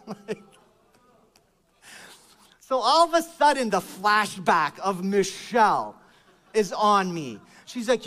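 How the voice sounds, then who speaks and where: Pastor guy with a high voice, goes from hollering praise to quiet funny stories. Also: big pitch swings, slow pace, long pauses. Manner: swings from shouted praise to hushed storytelling, joking asides. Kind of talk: sermon.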